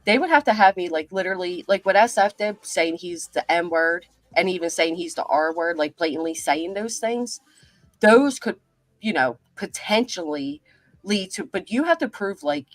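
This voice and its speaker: A woman on a livestream panel, talking quickly and chattily with a lot of filler words. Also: fairly low pitch, no echo. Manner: fast, chatty, full of "like" fillers. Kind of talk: casual chat.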